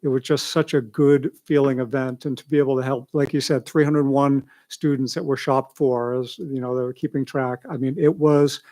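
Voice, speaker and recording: A man's voice: mid-range voice, steady tone, normal speed, hardly any pauses, warm tone. Rambling man reporting at a board meeting. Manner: rambling, conversational, many asides.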